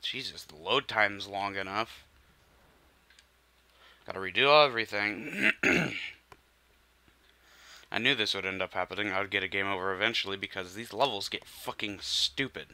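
A man's voice: lowish voice, normal speed, pauses often, sharp tone. A young man commentating his gameplay, frustrated and swearing, often muttering under his breath. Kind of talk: let's play commentary.

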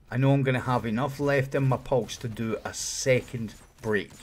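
A man talking viewers through a game run in a casual, explanatory commentary voice-over. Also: mid-range voice. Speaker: video game guide creator.

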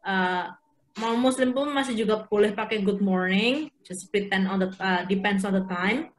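A woman's voice: mid-range voice, moderate pace, slight background noise, poor audio. A woman with an Indonesian accent teaching an English class over a video call, explaining rules and quizzing students. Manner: explains step by step, asks the class questions. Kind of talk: online class instruction mixing English and Indonesian.

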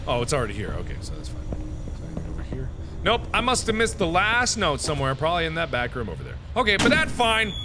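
A man playing a horror game who screams, swears and panics, then settles into calm musing. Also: fairly high pitch, fast talker, background noise. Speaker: let's play host.

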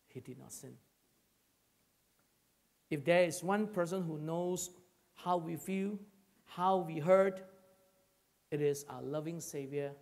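A male pastor preaches slowly to a church congregation. His voice sits fairly high for a man. He rises loud, then sinks to a hush. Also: creaky. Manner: calls to the congregation. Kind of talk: sermon.

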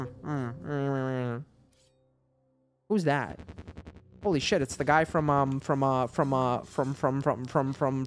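A man giving casual, profane gameplay commentary, rambling with filler words and mocking the characters in exasperation. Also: mid-range voice. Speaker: gamer playing through his backlog.

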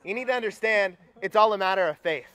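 High-voiced young man preaching. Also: quick pace. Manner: energetic, rallying the crowd. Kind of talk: sermon. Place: campus retreat gathering.

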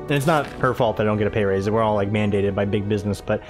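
Talking fast in a lowish voice, a young American gaming channel host chats through his let's-play, rambling about his day and laughing frequently. Faint music can be heard behind him.

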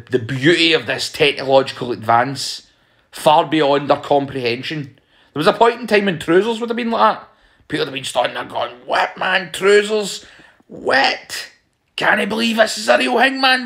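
A young Scottish man delivering a rambling, conversational comic monologue, jumping up in pitch for emphasis. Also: fairly bright tone.

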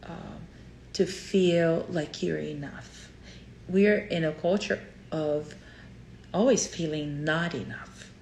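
A woman therapist with a Brazilian Portuguese accent speaks in a lower, husky-edged voice full of vocal fry. She teaches with heartfelt earnestness and repeats key phrases for weight. The sound carries a noticeable room echo. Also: takes it slowly, a little mellow, a little hiss or hum. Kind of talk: teaching talk to camera.

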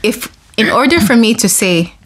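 A woman's voice: mid-range voice, animated, moderate pace, a bit bright, breathy edge. A woman co-hosting a radio talk show, asking friendly questions in casual chat.

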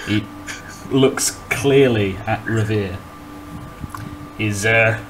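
A man's voice: fairly low pitch, expressive, takes it slowly, pauses often, crowd noise, rough recording. A man running a tabletop game as game master, wry and exasperated, laughing often.

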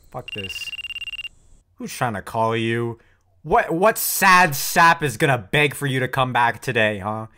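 A man reacting to an anime episode with casual commentary, loud and cursing. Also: mid-range voice, a little hiss or hum. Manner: heated, profane outbursts.

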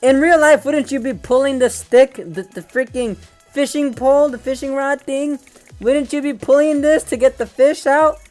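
A man hosting a VR fishing game video, excitable and joking, swearing often as he plays. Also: extremely high pitch, moderate pace, soft background music. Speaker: gaming channel host. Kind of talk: VR game commentary. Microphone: VR headset gameplay capture.

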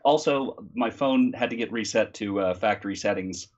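A man chatting casually as a guest voice actor, relaxed and rambling, with many ums and uhs, from a home recording room. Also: lowish voice, moderate pace, lo-fi sound. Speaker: guest voice actor and audiobook narrator. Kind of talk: casual chat. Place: home recording room, not studio quality.

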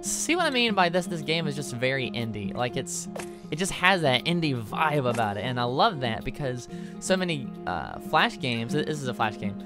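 A man's voice: mid-range voice, lively intonation, moderate pace, hardly any pauses, over music. A young man hosting a let's play, rambling eagerly with many stammered restarts. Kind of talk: casual gameplay commentary.

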